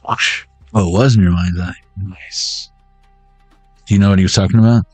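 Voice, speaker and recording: A man's voice: low voice, fairly even intonation, normal speed, darkish tone, breathy edge, no echo, faint music behind. A man giving a casual pick-a-deck tarot reading, joking around in a playful, slangy way. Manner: playful and jokey, slangy banter. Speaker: tarot reader.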